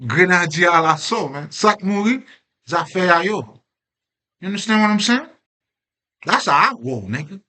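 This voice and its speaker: Emphatic, bright-voiced man venting. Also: high voice, animated, normal speed, pauses often. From Haitian background. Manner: emphatic, swearing, rhetorical questions. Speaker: self-growth vlogger. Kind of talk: casual spoken monologue.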